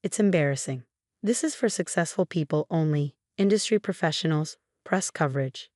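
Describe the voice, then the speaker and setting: A woman's voice: sits low, moderate pace, a little mellow, no echo, studio quality, natural voice. A woman reading as a smug, mocking sister. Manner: dismissive, fake-sweet.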